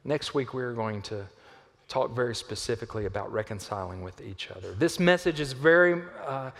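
A man preaching a sermon as pastor, swinging between loud emphasis and hushed lines, with playful asides to a volunteer on stage. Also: medium pitch, normal speed. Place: church auditorium. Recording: long hall reverb.

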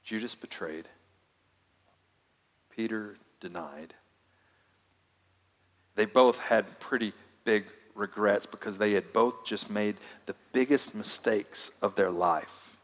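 A man's voice: lowish voice, slow pace, long pauses. Man preaching in a reverberant hall. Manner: dynamic delivery, swinging from loud emphasis to hushed asides. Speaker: pastor. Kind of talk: sermon.

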